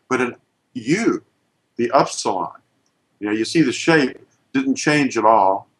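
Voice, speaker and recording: A man's voice: medium pitch, poor audio. A man teaching an informal lesson, pointing at letters and explaining with emphatic, restarting speech.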